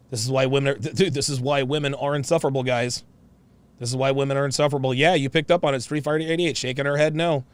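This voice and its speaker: A man's voice: mid-range voice, fast talker, no room sound. A man in his forties hosting, giving profane, mocking reaction commentary on video clips and repeating his points. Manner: mocking, animated, repeats himself.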